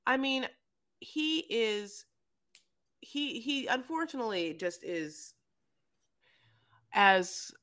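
A woman co-hosting a podcast recaps a reality show in fast, profane, casual chat, acting out quotes in silly voices. Her voice is fairly high, sing-song and a bit bright.

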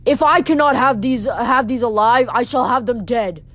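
A woman's voice: fairly high pitch, moderate pace, lightly acted. A woman voicing a wounded, furious male manticore monster who wails out threats. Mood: angry threats. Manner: wailing, threatening.

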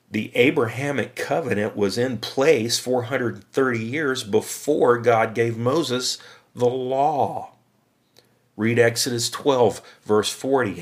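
Brief: male podcast preacher, unhurried, slightly low, calls listeners friends. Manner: rhetorical questions, addresses listeners as friends. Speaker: Bible teacher. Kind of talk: verse-by-verse Bible teaching podcast.

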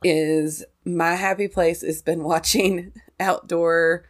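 A woman co-hosting a podcast in casual chat, talkative and quick to laugh. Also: lowish voice, steady tone. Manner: chatty, laughs often. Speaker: podcast co-host.

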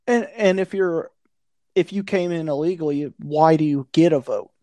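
A man's voice: fairly high pitch, normal speed, warm tone, no echo. A man in casual conversation, blunt and profane, ranting with a conspiratorial tone. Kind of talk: casual chat.

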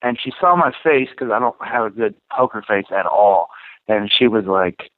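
A man co-hosting a podcast, telling a story in a casual, profane and animated way. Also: lowish voice, normal speed, no room sound. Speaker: podcast co-host. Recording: tinny phone-like dry sound.

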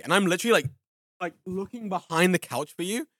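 Young man, podcast co-host, quick animated storyteller, dry close sound. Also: high voice, no echo. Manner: animated storytelling, acts out his own quotes. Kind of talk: casual chat. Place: studio.

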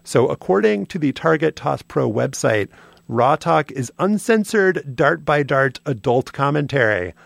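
A man's voice: fairly high pitch, animated, measured pace, gravelly, no echo. A man co-hosting a podcast, telling a prepared story in a dry, wry way. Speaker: podcast co-host. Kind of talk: casual chat, reading a prepared segment.

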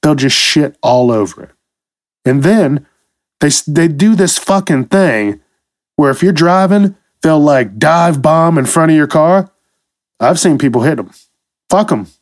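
A man's voice: fairly high pitch, expressive, a little slow, dry recording, studio quality. A man hosting a comedy podcast, delivering a profane, exasperated solo rant. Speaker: podcast host.

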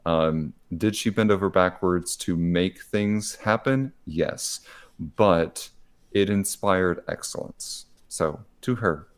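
A man with a fairly low voice, talking casually on a podcast. He tells workplace stories with a playful edge and acts out other people's lines. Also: slow pace.

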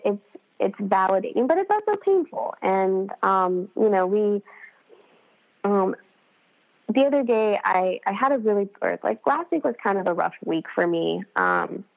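A woman speaks candidly in a gravelly, creaky voice, recorded with a dull, lo-fi sound. She rambles through her story with many fillers and restarts, acting out the lines of the people in it. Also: mid-range voice. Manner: rambling, frequent fillers and restarts, animated quoting. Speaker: podcast guest.

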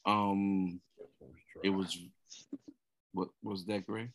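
A man hosting a podcast in casual chat, lively and teasing, laughing often. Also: sits low, very slow, a little hiss or hum. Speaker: podcast host.

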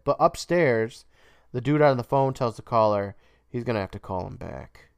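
A man's voice: mid-range voice, lively intonation, moderate pace, gravelly, smooth, no echo. A man co-hosting a podcast, recapping a show casually, swearing freely and laughing often. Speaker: podcast co-host.

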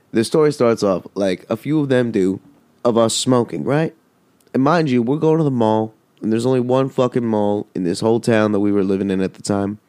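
A man tells a story in a casual, rambling way, swearing freely and filling his talk with "like". His voice sits a bit low with a dark, mellow tone. The sound is dry and close, with no room echo. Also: creaky. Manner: rambling, profane, full of "like".

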